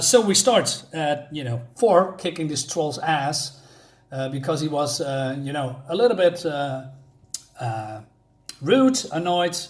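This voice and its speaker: A man reviews a comic book in a relaxed, rambling way. His voice sits a little high for a man. He leans on many filler words and restarts.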